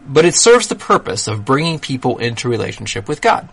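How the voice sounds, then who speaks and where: A man hosting a solo talk, explaining ideas in a measured, critical way with dry asides. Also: mid-range voice, big pitch swings, gravelly, breathy edge. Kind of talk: solo commentary monologue.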